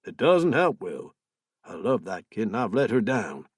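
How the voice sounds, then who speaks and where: A man voicing a distraught male guardian of a missing girl, pleading and blaming himself, with a husky voice. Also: on the low side, sing-song, measured pace, no echo, clean studio sound, full character voice. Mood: anguished. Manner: anguished, self-blaming, pleading.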